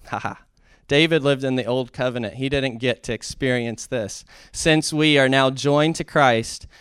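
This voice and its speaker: A man's voice: medium pitch, clear, resonant tone, no room sound, clean studio sound. A man giving an informal sermon, conversational and at times rising to fervent emphasis, with restarts along the way. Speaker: preacher.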